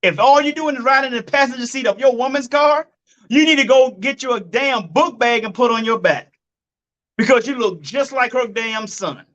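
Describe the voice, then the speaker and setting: A man delivers preachy relationship commentary in a blunt, profane way, hammering each point home with repetition. His voice sits high for a man. The recording is dull and lo-fi. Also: moderate pace, a bit bright. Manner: addresses listeners as folks and family.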